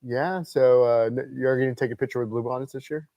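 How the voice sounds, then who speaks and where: A man's voice: medium pitch, fairly even intonation, brisk, mellow, no room sound. A man co-hosting a casual morning talk show, chatty and often trailing off mid-thought. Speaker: co-host. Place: studio.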